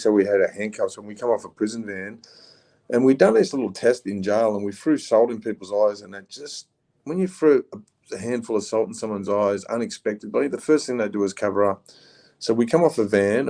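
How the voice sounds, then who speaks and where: An Australian man with a very deep, gravelly voice tells stories on a podcast. He rambles in a laid-back way and fills his pauses with ums. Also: warm tone. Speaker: podcast guest. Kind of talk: casual storytelling.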